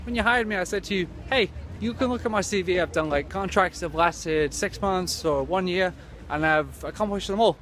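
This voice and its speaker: A man ranting in a rambling, sweary, deadpan way as a comic monologue to camera. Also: sits high, a little fast, few pauses. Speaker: comedy vlogger. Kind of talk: absurd comic rant to camera. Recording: clear traffic noise outdoors.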